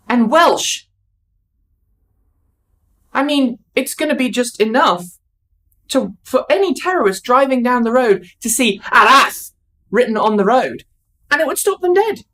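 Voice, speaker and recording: Tired, wry woman, animated storyteller, digressive. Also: fairly high pitch. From United Kingdom. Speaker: vlogger. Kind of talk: storytelling monologue.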